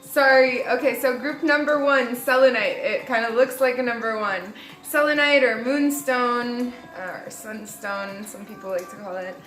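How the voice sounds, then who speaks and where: A chatty young woman with a fairly high voice talks her way through a tarot reading, rambling and light. The room is echoey, and music plays clearly behind her. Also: moderate pace, hardly any pauses, fairly bright tone. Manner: chatty and rambling, laughs at herself. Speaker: tarot reader. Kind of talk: casual spoken tarot reading.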